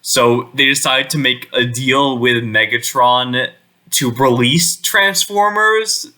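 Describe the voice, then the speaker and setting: A man's voice: mid-range voice, takes it slowly, bright, forceful tone. A young man co-hosting a movie review podcast, laid-back, laughing often and swearing casually. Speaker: podcast co-host.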